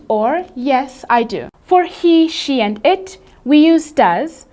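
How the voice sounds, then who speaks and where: Clear-spoken woman teaching English grammar. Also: fairly high pitch, a little mellow. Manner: clear, measured explanation with slow, careful example sentences. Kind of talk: scripted grammar lesson.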